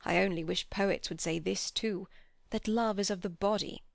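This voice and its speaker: A woman's voice: medium pitch, steady tone, moderate pace, vocal fry, no room sound, studio quality, natural voice. A woman voicing an earnest, passionate old man who pleads and preaches. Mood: impassioned. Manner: impassioned, preaching.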